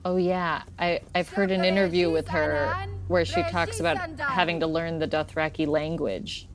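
A woman's voice: low voice, expressive, normal speed, over music. A woman actress chatting as an interview guest, playful and laughing often. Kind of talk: casual interview chat.

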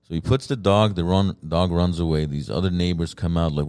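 A man with an extremely low, dark voice tells a story casually among friends. He is lively and loose, full of fillers and restarts. The sound is close and dry, with no room. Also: fairly quick, smooth, no room sound. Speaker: podcast co-host telling a story.

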